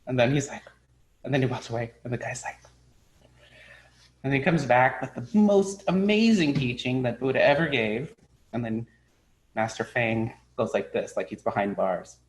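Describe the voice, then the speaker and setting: Man, middle-aged, Buddhist teacher, animated storytelling talk, medium pitch. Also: moderate pace, pauses often, poor audio. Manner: animated storyteller, acts out characters' lines. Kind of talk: spoken dharma talk with storytelling.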